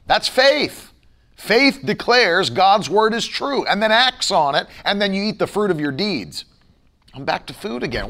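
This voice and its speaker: Guy preaching a sermon, high voice swinging all over, hammers points home, keeps asking questions. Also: pushed and bright. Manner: emphatic and repetitive, with rhetorical questions. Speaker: pastor.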